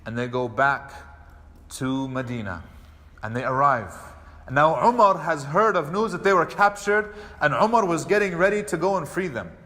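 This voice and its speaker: A man, an imam, giving a mosque lecture, telling a story and acting out the quoted speech with lively delivery. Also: fairly high pitch, normal speed. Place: mosque hall. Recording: long hall reverb.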